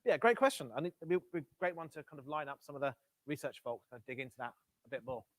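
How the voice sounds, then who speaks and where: A man's voice: mid-range voice, quick pace, no room sound. A man presenting a live coding session to a meetup audience on a headset mic, casual and self-correcting, with wry asides. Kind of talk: live-coding tech talk. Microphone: Bluetooth headset.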